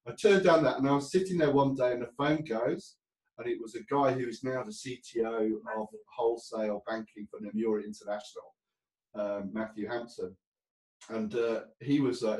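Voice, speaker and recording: Recorded from a distance in a reverberant space with poor audio, a medium-pitched man tells casual stories about his career during an interview. He rambles, laughs a lot, and keeps starting his sentences over.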